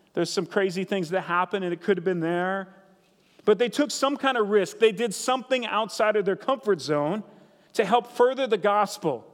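A man with a high voice preaches a sermon to his congregation, earnest and conversational. He repeats his key lines for emphasis, and his voice rings out with a long reverb from a large hall. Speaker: pastor.

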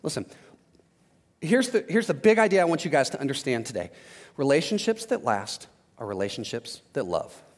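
A man's voice: medium pitch, big pitch swings, moderate pace. A man preaching a sermon, telling candid stories about his own marriage with humor. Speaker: pastor. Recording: long hall reverb.

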